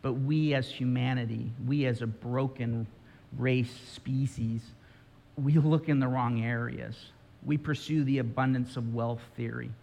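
A man's voice: mid-range voice, steady tone, a little slow, gravelly, mellow. A male pastor preaching a sermon, telling a story with drama and speaking directly to his listeners. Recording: reverberant hall.

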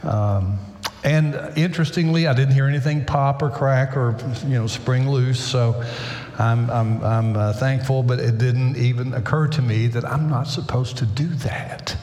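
An older man, a pastor, talking to his congregation in a halting, conversational sermon, full of fillers and restarts, in a large church sanctuary. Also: medium pitch, a little mellow, a little hiss or hum. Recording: roomy church hall echo.

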